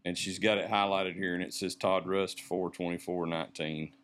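Deep-voiced man. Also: fairly even intonation, a bit bright. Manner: halting, rambling, searching for words. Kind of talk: casual church podcast chat.

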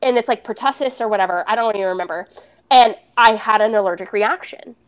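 A woman's voice: medium pitch, fast. A young adult woman, a podcast guest, candidly retelling a personal story and acting out the dialogue.

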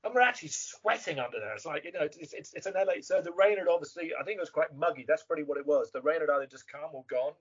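A man with an English accent chatting as a guest in an interview, animated and imitating other voices as he tells stories. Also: on the high side, rapid-fire, few pauses, slight background noise. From England. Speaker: guest actor. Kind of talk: casual interview chat. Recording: muffled lo-fi remote audio.

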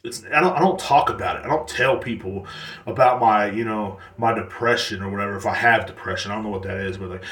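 A man's voice: lowish voice, quick pace, fairly bright tone. A man hosting a podcast, ranting casually in a rambling, profane way with many restarts. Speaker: podcast host. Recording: roomy sound, distant from mic.

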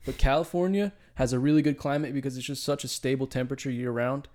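A young man co-hosting a podcast in casual chat, loose and animated, throwing "dude" into most sentences. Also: medium pitch, fast. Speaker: podcast co-host.

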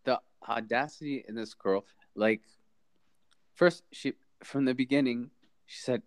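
A man co-hosting a podcast in casual chat, expressive and quick to say "bro". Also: medium pitch, no echo. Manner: expressive, says "bro" and "oh my God" a lot. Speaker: podcast co-host.

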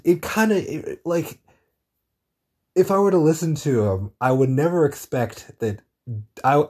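A man's voice: fairly low pitch, dark tone, husky. A man hosting his own show, talking in a meandering, casual monologue full of swearing and searching for words. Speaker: podcast host.

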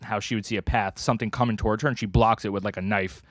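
A man's voice: on the low side, steady tone, quick pace, no room sound, clean studio sound. A man co-hosting a podcast, casually recapping a manga story in a rambling way with lots of fillers. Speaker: podcast co-host.

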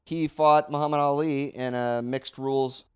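A man's voice: mid-range voice, steady tone, moderate pace, smooth, no room sound, clean studio sound. A man co-hosting a casual podcast, explaining history in a rambling way with many fillers and restarts. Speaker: podcast co-host. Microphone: close podcast mic.

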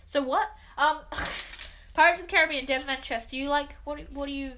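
Woman, high-pitched, giggly, rambling, casual vlog chat. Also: steady tone, moderate pace, sharp tone, a little hiss or hum. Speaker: vlog host.

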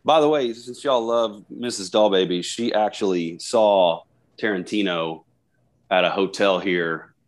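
A man co-hosting a casual movie podcast, talking in a thoughtful, relaxed way with frequent ums. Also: fairly low pitch, a little slow. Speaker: podcast co-host.

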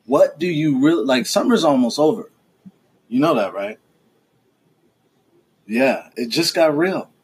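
A man's voice: mid-range voice, animated, unhurried, pauses often, slightly rough. A man hosting a casual home podcast with his child, teasing and lecturing in a fatherly way. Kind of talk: casual family chat.

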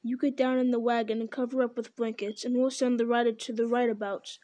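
A woman's voice: a little high, flat delivery, brisk, mellow, no echo, lightly acted. An anxious loyal young servant, read by a woman. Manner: earnest, worried.

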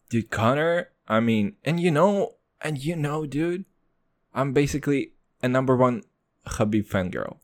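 A young man from Israel hosting a casual solo podcast, rambling and joking with constant swearing and sudden pitch jumps. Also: animated, a little slow. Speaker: podcast host.

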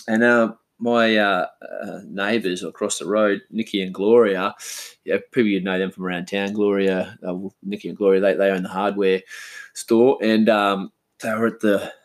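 A man in his thirties from Western Australia with an Australian accent, chatting casually and rambling as a podcast host at home. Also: fairly low pitch. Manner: rambling, laid-back, swears casually, says man a lot. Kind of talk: casual solo chat. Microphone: omnidirectional mic.

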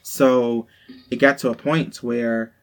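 Speaking slowly with flat delivery and medium pitch, a young man with a Southern accent shares a personal story with his podcast co-host. He's casual, frank, and profane, with heavy use of "like."

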